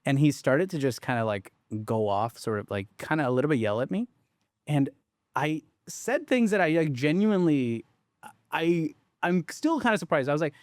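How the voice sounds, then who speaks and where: A man founder telling a story in casual conversation, rambling and animated with lots of fillers, restarts and the odd swear. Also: fairly high pitch, brisk, no echo, studio quality. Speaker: startup founder.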